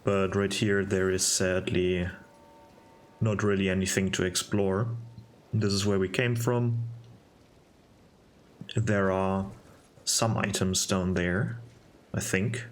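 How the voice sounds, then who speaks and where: A young man talks over his gameplay in a low, deep voice. He takes his time, wandering through his thoughts in a relaxed, musing way. He pauses and restarts his sentences as he goes. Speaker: game video narrator. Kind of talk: casual gameplay commentary.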